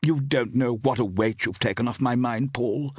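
A man voicing a glamorous, effusive young actress in a story reading, his voice lifted higher. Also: normal speed, slightly rough, no echo, clean studio sound, lightly acted.

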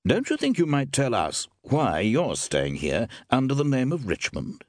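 A man plays a courteous, amused gentleman sleuth in a storybook reading, pitched up from the narrator and moving through a wide range. The voice is husky and dry, recorded close. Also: huge pitch swings, moderate pace, no room sound. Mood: genial. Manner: mild, polite, amused. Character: smooth, genial male novelist-detective.

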